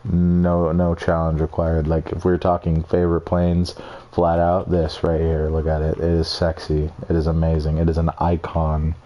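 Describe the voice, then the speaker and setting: A young man with an extremely low, completely flat voice talks at normal speed through a casual screen-recorded walkthrough of his game builds, and the sound is lo-fi. He rambles, curses freely and puts down his own work.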